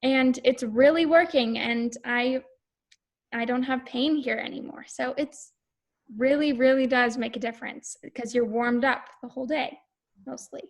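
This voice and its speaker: A woman's voice: sits high, steady tone, a little slow. A woman, a voice student, chatting casually and searching for words as she talks. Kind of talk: casual chat.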